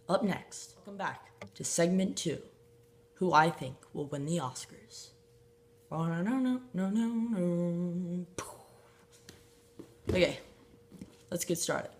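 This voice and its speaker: A man hosting his own show, talking in a rambling way with fillers, restarts and small laughs. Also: a little high. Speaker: host. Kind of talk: casual solo show commentary.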